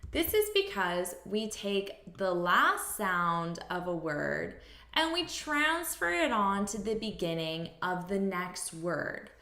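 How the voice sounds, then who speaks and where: Slow, lively American English teacher. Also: female voice, medium pitch. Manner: slow, clear, repeating phrases for students. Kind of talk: language lesson. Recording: echoey room.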